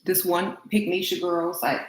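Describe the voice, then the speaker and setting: A beauty vlogger gets ready while chatting casually with her stream chat, laughing and answering comments. Her voice is on the low side with fairly even intonation at a normal speed, and the room has a roomy echo and faint noise.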